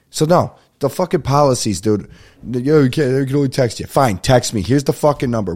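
A man's voice: medium pitch, expressive, normal speed, darkish tone. A young adult man casually telling a comic story on a podcast, ranting with lots of swearing and acting out the people he argued with. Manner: profane, ranting, acts out phone calls. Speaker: podcast host.

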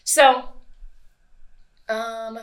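A woman hosting a casual true-crime podcast, chatty and quick to swear and laugh. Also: a little high, little pitch movement. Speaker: podcast host.

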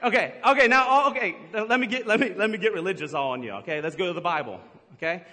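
A man with a bright, high voice preaches to a congregation in a big hall, his words trailing off into a long reverb. He talks in a playful, teasing way, cracking jokes and throwing in quick asides. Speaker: pastor. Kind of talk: humorous sermon. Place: large church hall with a live congregation.

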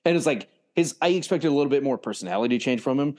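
A man co-hosting a casual TV recap chat, relaxed and quoting characters as he goes. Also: medium pitch, fast. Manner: laid-back, quotes characters. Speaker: podcast co-host.

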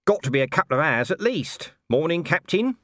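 A man voicing a cocky, scruffy male watchman leading a strike, speaking calmly and cheekily. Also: a little high, brisk, no room sound, clean studio sound, voice pushed up. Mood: cheeky. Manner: calm and cheeky.

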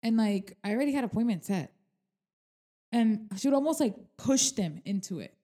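A woman's voice: on the high side, normal speed. Young woman talking frankly and swearing. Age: young adult. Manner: candid and animated, frequent swearing and filler words; acts out quoted dialogue. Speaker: podcast co-host, real estate agent. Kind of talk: casual podcast chat.

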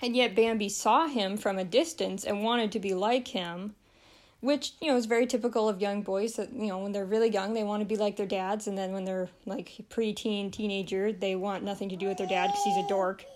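A woman's voice: mid-range voice, fairly even intonation, a little fast. A young woman talking casually on a vlog, rambling and chatty, often breaking into laughter. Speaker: vlogger reviewing a film. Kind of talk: casual chat.

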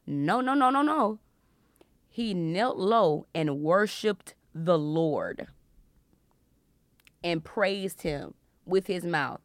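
Young female podcast host, playful Bible teacher, lower voice with some fry. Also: very slow, long pauses, no room sound, studio quality. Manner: animated, laughs loudly and often, playful preacher tone.

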